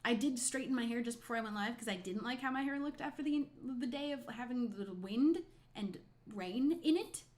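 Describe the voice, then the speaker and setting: A woman's voice: on the high side, fairly quick, a little mellow. A woman from New Jersey with a slight New York accent, chatting casually on a stream, rambling and laughing often. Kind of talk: casual chat.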